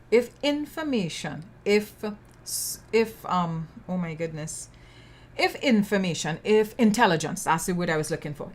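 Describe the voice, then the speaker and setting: A sassy Trinidadian woman delivers news commentary on her podcast with a mid-pitched voice. She is outspoken and blunt, and she leans on local slang. She repeats words for emphasis as she builds her case. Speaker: podcast host.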